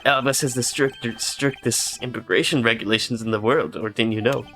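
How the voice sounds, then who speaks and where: A man's voice: medium pitch, fairly even intonation, normal speed, pushed and bright, faint music behind. A man reading a cocky, taunting agent. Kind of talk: game dialogue read aloud.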